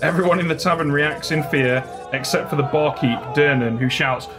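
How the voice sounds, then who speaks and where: A man running a tabletop game as dungeon master, narrating scenes calmly and patiently explaining the rules. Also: on the high side, normal speed, music in the background. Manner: calm descriptive storytelling, explains rules patiently.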